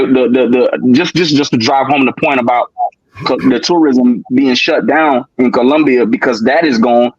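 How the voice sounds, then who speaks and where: A man's voice: on the high side, slightly rough, no room sound, dull audio. A man in a casual chat who argues his point emphatically and keeps checking in with the listener. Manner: emphatic, asks "you know what I'm saying?" often.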